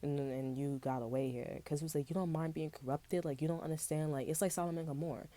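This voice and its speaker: A woman's voice: sits low, steady tone, fast, dark tone. A woman giving a casual tarot reading, talking in a loose, rambling way full of slang and swearing. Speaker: tarot reader.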